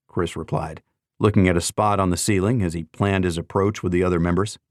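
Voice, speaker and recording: A man narrating a novel in the first person in a measured, even storytelling manner. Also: deep voice, dry recording, clean studio sound. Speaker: audiobook narrator.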